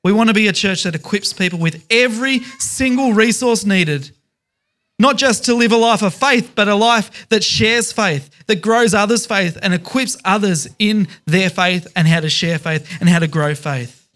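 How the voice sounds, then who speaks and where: A man's voice: high-pitched, normal speed, fairly bright tone. A man preaching a sermon as pastor, emphatic, stressing words in repeated lists.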